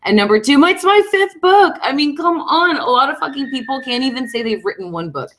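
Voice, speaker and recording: A middle-aged American woman hosting a casual live stream at home, an excitable author chatting about her books. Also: brisk. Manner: chatty and excitable, breaking off to call her dog in a high coaxing voice. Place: room at home.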